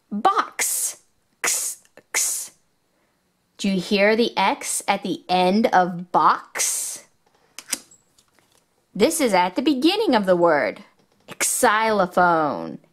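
A woman hosting a children's toy video, slowly sounding out letters and words in a sing-song, excitable teaching manner. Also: mid-range voice. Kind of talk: children's educational toy demo.

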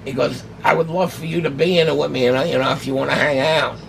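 Gravelly New man telling stories. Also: mid-range voice, fast, a little hiss or hum. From New York City. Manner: animated, acts out quoted dialogue. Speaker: guest, autograph collector. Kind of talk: casual storytelling.

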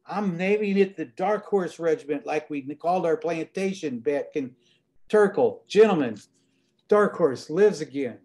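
Proud scheming army captain, read aloud by a man, pushy and a bit high. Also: lively intonation, a little slow, a little mellow. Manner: boastful, persuasive, rising enthusiasm.

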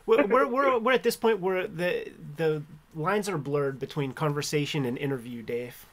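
A man hosting an interview in a relaxed, conversational way. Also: fairly high pitch, normal speed, a little hiss or hum. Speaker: host. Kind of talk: interview chat.

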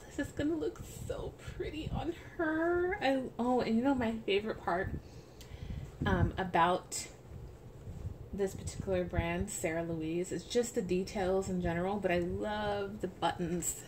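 A woman chatting casually as she unboxes a package, gushing and soft-spoken, at home. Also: medium pitch. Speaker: doll collector vlogger. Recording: steady background hiss.

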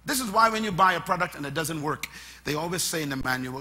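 A high-voiced male preacher with a husky, sharp tone. He delivers his sermon in lively swoops, listing his points emphatically and swinging between loud bursts and quiet asides. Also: fast talker.

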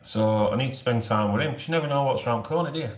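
A man's voice: medium pitch, rapid-fire. Jokey Yorkshire man chatting live. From Yorkshire, England. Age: 40s. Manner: jokey and rambling, often laughing. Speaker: live-stream host. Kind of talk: casual live-stream chat to viewers. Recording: roomy echo.

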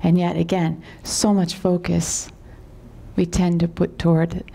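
A woman yoga teacher telling a parable in a calm, unhurried way, sometimes dropping to a whisper and often asking "right?". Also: lowish voice, vocal fry, breathy edge.

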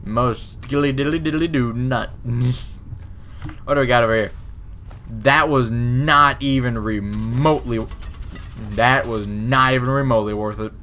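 Slow-talking, swearing gaming commentator man. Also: fairly low pitch, pushed and bright, slight background noise. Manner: profane, frustrated, laughing at himself. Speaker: gameplay commentator. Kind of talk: let's play commentary.

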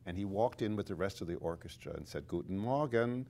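A man's voice: low voice, fast, gravelly, dark tone, slight background noise. An older man, a conductor and author, explaining music with animation in conversation and singing phrases to illustrate his points.

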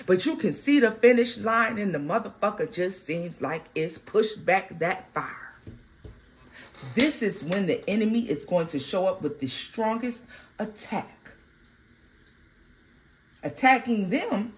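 A woman reads tarot in a loose, conversational way. She talks bluntly and swears freely, and she acts out little scenes as she goes. Her voice sits at an ordinary pitch for a woman. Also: a little slow. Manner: blunt, profane, animated storytelling. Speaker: tarot reader. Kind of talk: casual spoken tarot reading.

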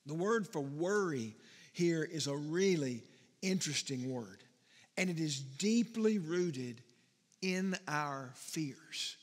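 Middle-aged man pastor, high voice, talky sermon, long hall echo. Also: expressive. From Texas. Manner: conversational, asks congregation questions, stretches key words slowly. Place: church sanctuary. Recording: long church reverb.

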